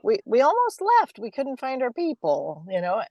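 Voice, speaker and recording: A woman in a course group, sharing in a bubbly, laughing way with quick storytelling. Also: a little high, very animated, dry recording, lo-fi sound. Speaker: course participant. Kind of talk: casual group share.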